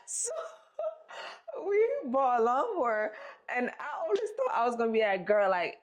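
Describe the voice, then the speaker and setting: A woman's voice: a little high, animated, moderate pace. Young female co-host, casual storyteller, swears a lot, acts out every quote. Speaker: podcast co-host.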